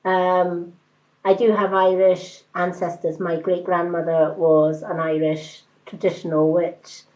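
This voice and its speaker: A woman in her fifties with a mixed British accent, giving a card reading on a live stream in an unhurried, hesitant, reassuring way with many ums. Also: on the low side, flat delivery, darkish tone, rough recording. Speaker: tarot card reader.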